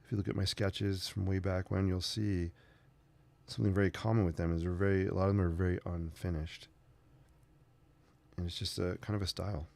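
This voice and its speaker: Low gravelly guy rambling on while he paints, chatty, easygoing. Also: steady tone, a little fast, pauses often, a little mellow. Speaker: sketching channel host. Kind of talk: casual painting tutorial.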